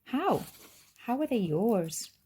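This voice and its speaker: A woman's voice: a little high, very animated, slow pace, noisy background, pitched above the performer's own voice. A woman voicing an indignant young girl. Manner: raised, pressing questions.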